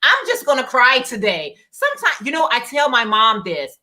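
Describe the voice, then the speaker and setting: A woman's voice: high-pitched, huge pitch swings, normal speed, sharp tone. A woman joining a livestream by video call, talking earnestly and casually, repeating phrases to make her point. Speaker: guest on a livestream. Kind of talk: casual chat.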